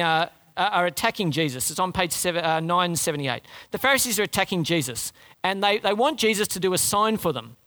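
A pastor preaches animatedly to his congregation. His voice climbs high when he wants emphasis and falls low and soft when he prays.

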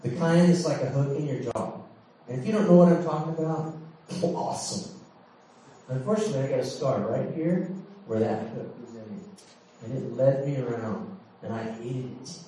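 A man's voice: medium pitch, normal speed, warm tone, a little hiss or hum. A middle-aged man preaching, telling a candid personal story with laughs and dramatic swings. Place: large church hall. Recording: echoey hall, mic from far off.

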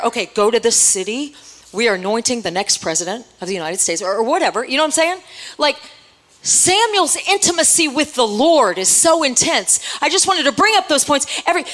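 A woman's voice: high voice, fairly bright tone. A woman preaching a sermon to a congregation, teasing them with playful asides and quizzing the room. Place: church hall with congregation.

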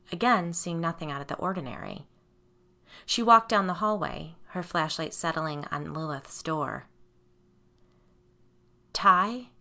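A woman reads a horror novel aloud in a steady, even style. Her tone is bright and forceful, and her pitch sits low for a woman. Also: vocal fry. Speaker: audiobook narrator. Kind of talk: scripted narration of a horror novel.

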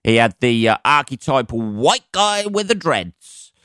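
A man's voice: mid-range voice, big pitch swings, unhurried, a bit bright, clear, resonant tone, no room sound, clean studio sound. A man hosting his own podcast in a casual, rambling, sweary chat full of fillers. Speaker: podcast host and stand-up comedian.

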